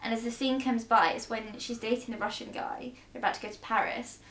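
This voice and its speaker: A woman comedian chatting casually as a guest, animated and full of "like". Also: fairly high pitch, a little fast. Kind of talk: casual chat. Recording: echoey room.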